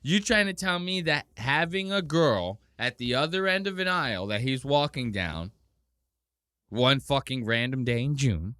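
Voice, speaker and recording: A man hosting a podcast, casually mocking a clip with animated commentary and exaggerated impressions. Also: mid-range voice, measured pace, clean tone, no echo, clean studio sound. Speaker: podcast host.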